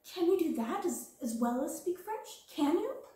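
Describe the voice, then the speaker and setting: A woman voicing a timid, admiring schoolgirl who asks slow, breathless questions in a storybook reading. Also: on the high side, sing-song, warm tone, heavy reverb, distant mic.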